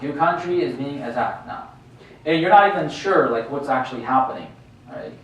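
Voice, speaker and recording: A man giving a religious sermon in a mosque hall, talking conversationally and often asking his listeners rhetorical questions. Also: mid-range voice. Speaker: sheikh giving a religious lecture. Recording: very echoey hall, voice distant from the mic, faint noise.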